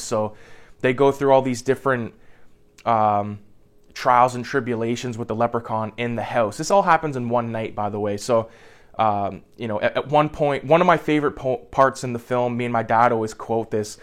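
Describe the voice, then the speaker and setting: A young man casually recapping a movie plot in a rambling way, swearing freely and filling his speech with "like". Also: medium pitch. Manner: rambling, profane, heavy on "like" fillers.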